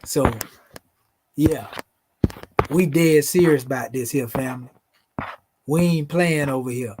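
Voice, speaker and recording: A man's voice: medium pitch, a little slow, background noise. A man with a Southern US accent hosting a late-night livestream, reciting spiritual invocations in a preachy way and calling his listeners "family". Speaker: channel host.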